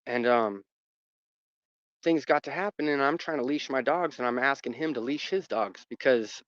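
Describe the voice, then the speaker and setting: A man's voice: mid-range voice, a bit bright, no room sound. A man telling a personal story about his dogs in a casual, rambling way, with lots of fillers and restarts. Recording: muffled dry recording.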